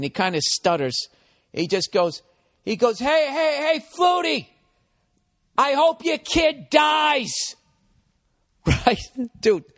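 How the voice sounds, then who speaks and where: Profane rambling man, fairly high voice. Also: a bit bright, dry recording, studio quality. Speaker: podcast host. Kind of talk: casual comedic monologue.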